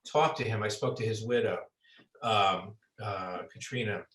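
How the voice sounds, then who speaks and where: A man's voice: on the low side, measured pace, a bit bright. A man, an author, chatting about his book with lots of fillers and restarts, heard over a video call. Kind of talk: conversational book talk. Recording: roomy sound, far from mic.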